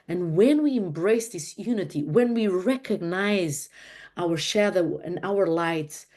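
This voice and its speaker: Earnest low-voiced woman teaching. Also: a little mellow. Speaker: host leading a relationship talk. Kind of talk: reflective teaching talk.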